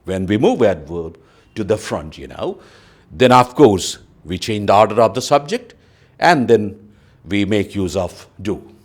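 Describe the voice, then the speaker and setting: This is a man giving a grammar lesson to students. His delivery is unhurried and his voice swings widely in pitch as he stresses example sentences. He sits a little low in pitch and keeps dropping in "you know". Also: lively intonation. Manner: explaining slowly, says "you know" often, reads example sentences aloud. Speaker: English teacher.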